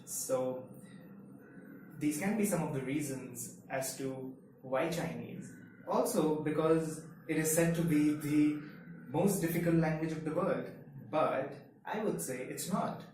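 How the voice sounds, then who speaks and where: A man whose first language is Hindi, teaching a Mandarin lesson in a measured, step-by-step way. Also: fairly high pitch, darkish tone. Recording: very echoey room, mic far off, faint hiss.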